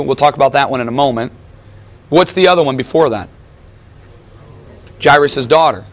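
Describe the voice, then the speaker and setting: Emphatic man preaching a sermon. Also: on the high side. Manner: animated, emphatic, rhetorical questions, slows for emphasis. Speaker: preacher teaching a Bible study.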